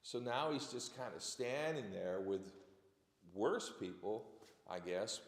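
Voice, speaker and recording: Man, church Bible class teacher, conversational, reads verses with emphasis, reverberant church hall. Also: medium pitch. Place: church auditorium. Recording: echoey church hall on a live stream.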